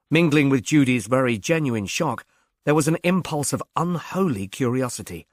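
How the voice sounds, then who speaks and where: A man's voice: medium pitch, animated, normal speed, no echo, studio quality. Man reading a novel aloud. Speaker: audiobook reader. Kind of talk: scripted narration.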